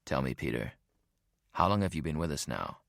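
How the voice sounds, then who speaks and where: A man voicing a calm, smug male executive who speaks blandly and condescendingly. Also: very deep voice, normal speed, vocal fry, no room sound, studio quality, voice pushed down, heavily acted.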